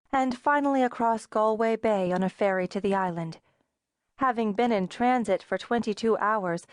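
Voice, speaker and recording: A woman narrates an audiobook in a measured, even storytelling voice at a middle pitch. The studio recording is dry and close, with no room sound. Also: no echo. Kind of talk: scripted narration.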